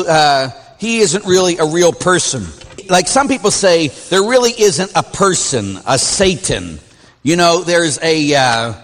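A middle-aged man, a Catholic priest, teaching a class in an informal, animated way and acting out the voices he quotes. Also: on the high side, big-room sound.

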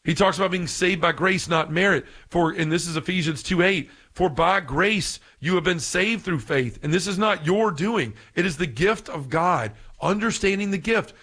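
A man giving an earnest, impassioned scripture talk who gets so excited that he stumbles over his words. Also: high-pitched, normal speed, few pauses. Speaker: Catholic podcast speaker.

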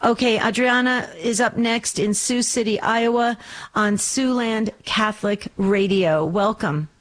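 A woman's voice: a little high, rough recording. Woman hosting a catholic call-in show, reassuring, keeps restarting her sentences. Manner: warm-hearted, reassuring, talks in quick restarts. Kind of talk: radio call-in show, praying with callers.

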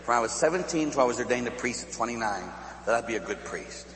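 A man's voice: mid-range voice, quick pace. A middle-aged man from Pittsburgh, a Catholic priest telling stories in a sermon, laughing often and asking the crowd "huh?". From Pittsburgh, USA. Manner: animated storyteller who laughs and asks the crowd "huh?". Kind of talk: storytelling sermon. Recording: echoey hall with faint hum.

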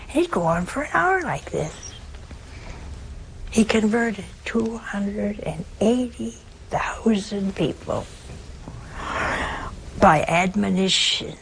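A woman gives an unhurried, folksy sermon, drawing out her words and stopping often on rhetorical questions. Her pitch sits in the middle range. A faint hum runs underneath. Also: expressive, rough recording. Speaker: religious speaker. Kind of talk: sermon-style talk.

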